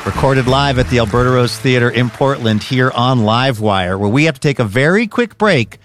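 A man's voice: mid-range voice, expressive, a little fast, over music. A man hosting a radio show in a studio, reading show previews in an upbeat, conversational way.

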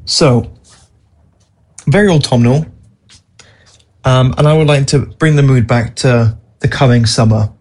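A man's voice: mid-range voice, unhurried, pauses often, a little mellow. A man presenting a casual spoken monologue, musing and reflective as he introduces a poem and a song.

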